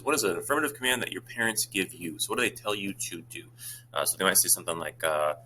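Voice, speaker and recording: A man, a Spanish teacher talking his students through exam questions in a brisk, informal way with many fillers. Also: lowish voice, bright, forceful tone, a little hiss or hum.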